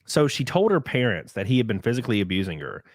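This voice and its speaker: A man's voice: medium pitch, big pitch swings, quick pace, no echo, studio quality. A young man in casual podcast chat, telling rambling stories, swearing and laughing often.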